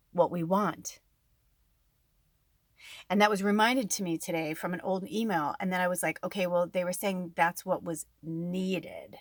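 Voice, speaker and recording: A woman's voice: lowish voice, dry recording, studio quality. Chatty woman giving spiritual guidance. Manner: rambling and chatty, many fillers. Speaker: tarot reader and spiritual medium. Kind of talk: casual spiritual talk to viewers.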